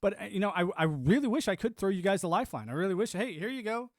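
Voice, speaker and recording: A man's voice: high-pitched, lively intonation, racing, no room sound, studio quality. A man hosting a livestream, giving casual political commentary in a ranting way, often repeating words and mocking the voices he quotes. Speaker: livestream host.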